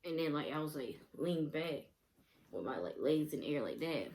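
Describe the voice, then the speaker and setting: Young woman, vlogger, rambling casual storytime, frequent laughs, filler words, fry in voice. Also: deep voice, very animated, moderate pace, a little mellow.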